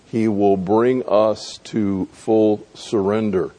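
Slow deep-ish voiced preacher guy, dramatic, acts out the bible scenes. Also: steady tone, mellow. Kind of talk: sermon.

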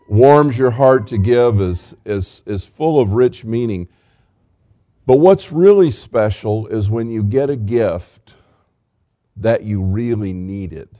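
A middle-aged man preaching a gentle, earnest Christmas sermon, with fillers and restarts. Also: lowish voice. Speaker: pastor.

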